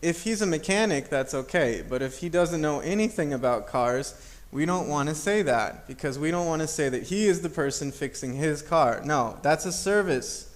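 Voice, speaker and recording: A man's voice: a little high, animated, normal speed. A man teaching an English grammar lesson, explaining patiently, repeating examples and checking in with "okay?".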